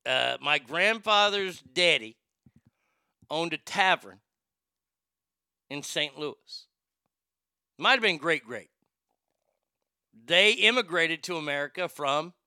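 A man hosting a casual livestream, reading chat comments aloud and going off on blunt, opinionated tangents. His voice sits a little high and very bright, crisp and clear. The sound is dry and close. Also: lively intonation, takes it slowly, long pauses, dry recording. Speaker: show host.

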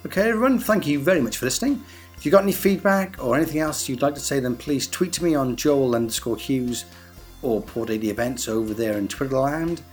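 A man's voice: medium pitch, a little fast, soft background music. A man with an Australian accent hosting a podcast interview in casual chat, talking easily with plenty of fillers and restarts. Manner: chatty and easygoing, with frequent fillers and restarts. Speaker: podcast host.

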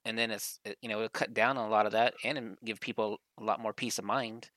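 A man's voice: on the low side, fairly even intonation, brisk, fairly bright tone, no room sound. A man co-hosting a podcast in casual chat, rambling and swearing as he acts out other people's lines. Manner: rambling, profane, acts out quotes. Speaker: podcast co-host.

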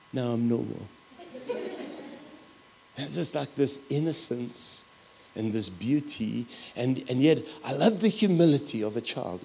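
A middle-aged man preaching a sermon as a pastor, telling stories with loud, animated asides. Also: mid-range voice, creaky, husky.

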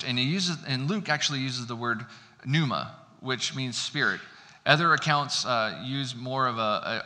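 Male pastor, informal preaching, chatty and self-deprecating, bright tone, long hall reverb. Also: mid-range voice. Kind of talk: casual conversational sermon. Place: church sanctuary.

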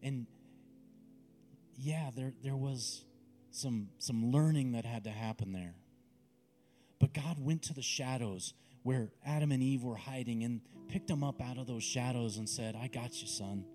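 A male preacher with a mellow, warm voice leads a guided visualization in a sermon. He speaks slowly and intimately, with dramatic weight, over faint music playing behind him. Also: medium pitch. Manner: slow, intimate, dramatic delivery.

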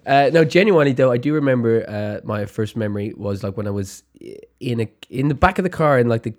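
A man talking as a podcast guest, his voice mid-pitched and ordinary. He rambles through childhood stories, full of "like" and small laughs. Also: lively intonation, fast talker, a little mellow. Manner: rambling, laughs often, many fillers. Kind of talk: casual chat.

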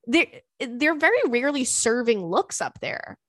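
A woman's voice: fairly high pitch, big pitch swings, a little slow, fairly bright tone, no echo, studio quality. A young woman hosting a podcast in casual chat, bubbly and playful with slangy talk, a little congested in her nose. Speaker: podcast host.

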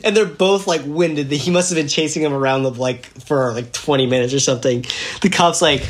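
A young man telling a story casually as a podcast guest, animated and laughing as he acts out what people said. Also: a little high, moderate pace.

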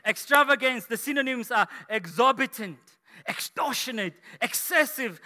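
A man preaching a sermon as pastor to his church, energetic and rising to shouts, from South Africa. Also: high voice, normal speed. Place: large church hall. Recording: echoey church hall.

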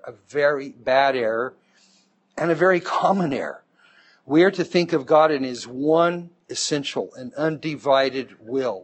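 A man teaching a Bible class, explaining step by step and checking in with the class as he goes. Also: mid-range voice. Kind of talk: classroom lecture.

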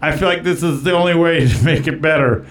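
A man's voice: on the high side, brisk, voice pushed up, close to an everyday voice. A man putting on a sassy, campy older male comedy writer who trades insults at a roast and calls people honey.

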